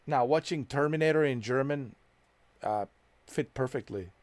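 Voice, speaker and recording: A man's voice: medium pitch, moderate pace, darkish tone. A man commentating casually over a story game, joking about dubbed films and laughing often. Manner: joking, mimics foreign accents and dubbing, laughs often. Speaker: gameplay streamer.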